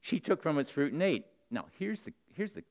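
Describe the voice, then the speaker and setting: With a sing-song voice that runs a little fast, a preacher addresses the congregation's men directly and sincerely. He shifts back and forth between booming emphasis and hushed, confiding asides.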